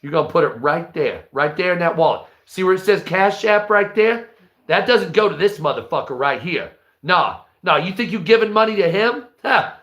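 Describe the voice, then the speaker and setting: A man's voice: high-pitched, lively intonation, moderate pace, fairly bright tone, dull audio. A man voicing a foul-mouthed, bragging street thug who trash-talks and threatens the listener. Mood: menacing swagger. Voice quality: crude, menacing, trash-talking. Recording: roomy echo.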